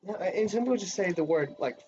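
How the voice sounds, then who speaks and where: Young male co-host, rambling crude banter, slightly high voice, dull lo-fi mic. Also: lively intonation, fast, a little mellow. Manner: rambling, profane, jumps to high-pitched bursts. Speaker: podcast co-host. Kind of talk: casual crude podcast banter. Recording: dull lo-fi home podcast mic.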